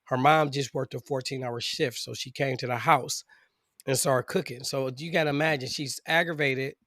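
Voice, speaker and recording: A man at a middle pitch co-hosts a casual true-crime podcast. He rambles, restarts, and slips in asides as he walks through the facts. The sound is dry and close, with no room around him. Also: fairly even intonation, moderate pace, fairly bright tone, no room sound. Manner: rambling, full of fillers and restarts. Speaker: podcast co-host.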